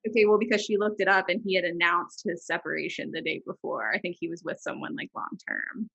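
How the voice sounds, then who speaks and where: A woman with a bright, husky voice chats casually as a podcast host. She rambles, restarts her sentences and often lets her voice drop softer. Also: fairly low pitch, fast, low-quality recording. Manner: rambling, self-interrupting, drops softer. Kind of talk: casual chat.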